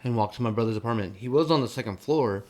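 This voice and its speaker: A young man co-hosting a podcast, telling a story in a loose, animated, profanity-laced way with lots of fillers. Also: medium pitch, quick pace. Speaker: podcast co-host. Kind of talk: casual storytelling chat.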